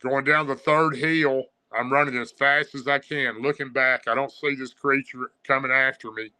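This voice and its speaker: A man tells a personal story as a guest, in a casual, rambling way full of pauses and restarts. His voice is very bright and sharp. His pitch sits in an average range. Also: fairly even intonation, smooth, rough recording. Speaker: guest recounting encounters.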